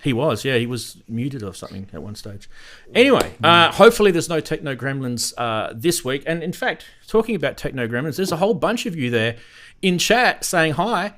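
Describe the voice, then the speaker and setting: A man's voice: a little high, big pitch swings, fairly quick, few pauses, fairly bright tone. A man with an Australian accent hosting a casual live stream, rambling and greeting viewers in the chat by name. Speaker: host of a synth live stream.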